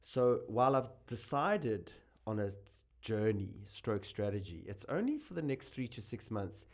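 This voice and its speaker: A man from South Africa with a South African accent, a guest comedian in casual podcast chat, animated and laughing, with many restarts. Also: fairly low pitch, a little slow.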